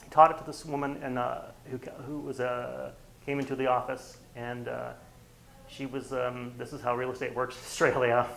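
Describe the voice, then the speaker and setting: Man, gravelly voice, real estate trainer, casual workshop talk, acts out dialogue, faint background noise. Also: mid-range voice, flat delivery, normal speed, fairly bright tone, poor audio. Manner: conversational, acts out quoted dialogue. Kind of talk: workshop lecture.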